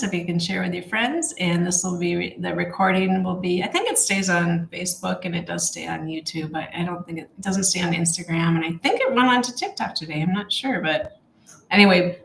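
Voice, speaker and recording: A woman leading a casual Bible study, talking in a heartfelt, halting way with many fillers and restarts. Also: on the low side, vocal fry, roomy sound, a little hiss or hum, poor audio.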